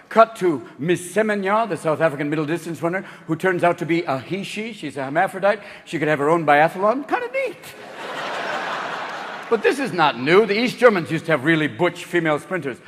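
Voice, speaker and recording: A man in his sixties doing a stand-up comedy routine on a theater stage, manic and profane, leaping into voices and shouted bursts. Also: sits high, big pitch swings, fairly quick, slight background noise. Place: theater stage with live audience. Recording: reverberant hall, live audience.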